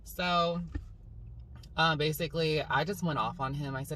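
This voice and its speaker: A young woman telling a story to camera in a casual, rambling vlog style, full of "like" and "um". She tells it in an animated, dramatic way. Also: low voice, moderate pace, pauses often. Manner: rambling, filler-heavy, with 'like' and 'um'. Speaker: vlogger. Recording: slightly distant mic, faint background hum.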